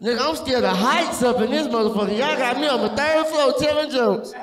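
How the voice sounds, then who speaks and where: A man's voice: extremely high pitch, fairly bright tone. A man doing a stand-up set on a small club stage, profane and often laughing at his own jokes. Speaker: stand-up comedian. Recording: echoey room, long reverb.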